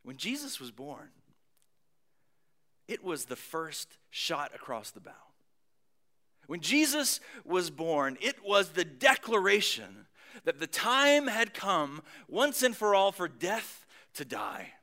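High-voiced, bright male preacher, slow. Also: big pitch swings. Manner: swings from booming emphasis to hushed near-whispers; conversational asides with light humor. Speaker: pastor. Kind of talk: sermon.

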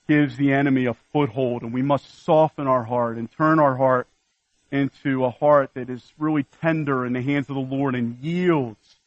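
A man's voice: mid-range voice, no echo, lo-fi sound. A man preaching a sermon, earnestly listing scripture references and exhorting his congregation. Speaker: pastor.

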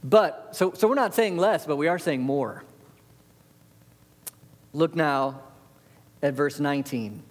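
Male preacher, sermon, animated, rhetorical questions, fairly high voice, long hall reverb. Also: takes it slowly, pauses often.

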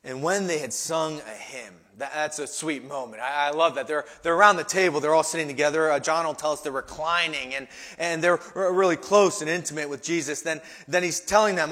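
A man's voice: a little high, fairly quick, sharp tone, long reverb tail. A man preaching a sermon, emphatic, often repeating his first words as he goes. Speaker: pastor.

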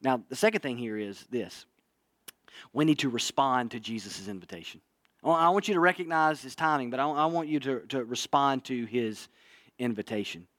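A man's voice: mid-range voice, expressive, normal speed, fairly bright tone, no echo. A man preaching a sermon in an earnest way, often repeating himself and asking his listeners "right?". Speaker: pastor. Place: church.

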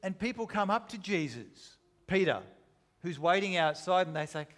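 A man's voice: high voice, expressive, normal speed. A man preaching a sermon, retelling a story with dramatic, shifting intensity. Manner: dramatic, shifting between loud and hushed.

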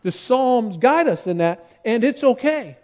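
Male pastor, sermon, high voice, animated delivery, acts out quotes, church sanctuary. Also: unhurried. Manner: animated preaching, acts out quotes with rising force.

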